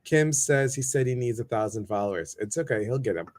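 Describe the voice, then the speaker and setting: A man's voice: medium pitch, animated, brisk, a little mellow. A man hosting a casual livestream talk show, chatty and upbeat as he greets viewers one by one.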